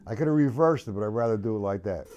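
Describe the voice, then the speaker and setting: A man's voice: on the low side, animated, rapid-fire, loud music behind the voice. A man teaching a live-streamed drum lesson, chatty and loose, counting beats aloud while he plays. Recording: loud drum kit playing behind voice. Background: drum kit playing.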